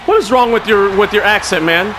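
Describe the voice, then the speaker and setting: A man hosting and commenting on a wrestling video game in a casual, excitable way, often calling people "man". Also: sits high, fairly quick, noisy background. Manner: excitable, frequent "man", shouts at the action.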